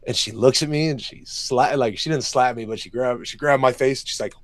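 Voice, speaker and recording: A man's voice: mid-range voice, a little fast, few pauses, no room sound. A young man, an MMA fighter, talking openly and emotionally in an interview, swearing often and telling stories in long run-on answers. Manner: open and emotional, heavy swearing, loose run-on storytelling. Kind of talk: candid emotional interview talk.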